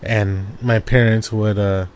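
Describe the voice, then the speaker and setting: A man's voice: lowish voice, level tone, slow, darkish tone, clear, resonant tone. A young man from Arizona hosting a casual personal monologue into his own desk microphone, rambling and laughing as he tells family stories. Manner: rambling, laughs often while telling stories. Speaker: podcast host.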